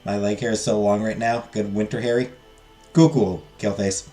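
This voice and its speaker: A man's voice: lowish voice, fairly even intonation, normal speed, dark tone, soft background music. A man hosting a let's play, reading a game's text aloud and joking with viewers in casual asides.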